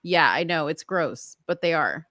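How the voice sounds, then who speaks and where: Low-voiced chatty woman. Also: lively intonation, unhurried, sharp tone, dry recording, clean studio sound. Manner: chatty, rambling, agreeable. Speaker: podcast co-host. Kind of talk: casual chat.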